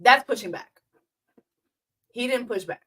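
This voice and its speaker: A woman's voice: on the high side, a little slow, pushed and bright. A woman hosting a live stream, reacting to clips with sarcastic, emphatic commentary.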